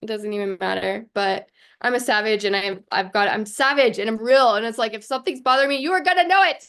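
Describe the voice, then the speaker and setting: Woman coach rambling at the camera, slightly high voice, blunt, says like constantly, swears a bunch. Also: fast, fairly bright tone, clean tone. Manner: chatty and passionate, lots of "like". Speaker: life coach. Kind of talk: casual vlog monologue.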